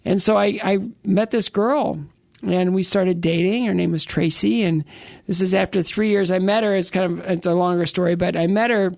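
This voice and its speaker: A middle-aged man with a gravelly, creaky edge tells a personal story as an interview guest. He rambles and restarts his sentences, dropping joking asides along the way. The recording is dry and close. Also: sits high, fairly even intonation, normal speed, a little mellow, no room sound. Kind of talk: casual interview, personal testimony.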